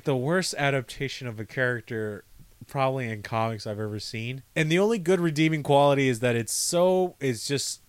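A man's voice: medium pitch, dry recording. A man co-hosting a movie podcast, ranting and swearing as he picks the film apart in casual chat. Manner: ranting, heavy swearing, animated. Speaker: podcast co-host.

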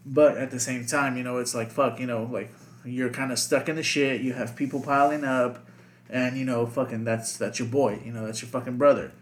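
A man's voice: medium pitch, fairly even intonation, fairly quick. A man co-hosting a casual podcast chat, rambling with lots of fillers and constant swearing. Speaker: podcast co-host.

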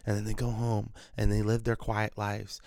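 A man's voice: lowish voice, normal speed, gravelly, no room sound, clean studio sound. A man hosting a podcast from his basement, rambling bluntly and swearing in a casual monologue. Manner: rambling, blunt, profane, animated. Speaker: podcast host. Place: home basement.

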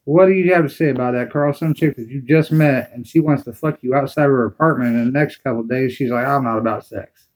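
A man's voice: medium pitch, fast, hardly any pauses, a little mellow, poor audio. A man in casual podcast chat, telling a story loosely and conversationally. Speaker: podcast co-host.

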